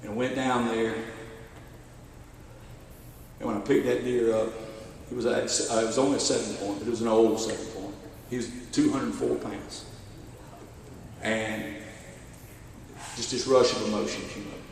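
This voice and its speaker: A middle-aged man with a Southern US accent, a sheriff telling a story in a keynote speech in an animated, folksy way. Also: lowish voice, moderate pace, pauses often, far from the mic, a little hiss or hum. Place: church hall at a benefit dinner. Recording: echoey hall, voice from afar.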